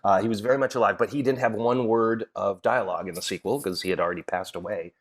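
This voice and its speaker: Podcast guest: middle-aged man, lowish voice, chatty anecdotal storyteller who laughs easily. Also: fairly even intonation, quick pace. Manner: storytelling, laughs often, many fillers and restarts. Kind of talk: casual chat.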